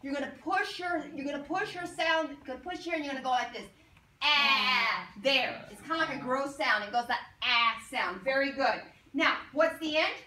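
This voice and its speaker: A woman teaching young children a phonics lesson in a classroom, modeling sounds slowly and prompting call-and-response with encouraging praise. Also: sits high, bright, forceful tone. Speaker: elementary school teacher. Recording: echoey room from far off.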